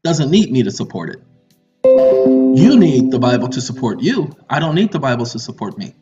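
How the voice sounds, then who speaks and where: A man's voice: mid-range voice, very animated, normal speed. A man giving a lecture monologue in a preachy, confrontational manner with teasing asides. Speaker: online lecturer. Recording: muffled audio with faint music.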